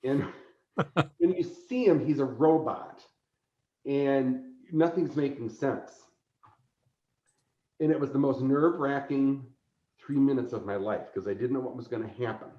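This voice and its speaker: A man, a convention organizer appearing as a podcast guest, telling an animated story, laughing often and acting out quotes. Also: medium pitch, measured pace, pauses often. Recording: roomy echo, dull lo-fi sound.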